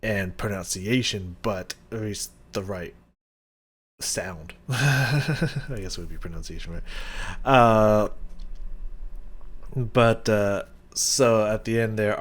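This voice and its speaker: A man hosting a music reaction, talking casually with excited, rambling enthusiasm and lots of restarts. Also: lowish voice, slow pace. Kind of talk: casual reaction and song analysis.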